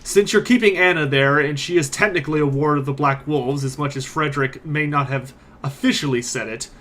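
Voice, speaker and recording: A man voicing a blunt, gruff mercenary leader in a tabletop game. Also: a little high, fairly quick, fairly bright tone, close to an everyday voice.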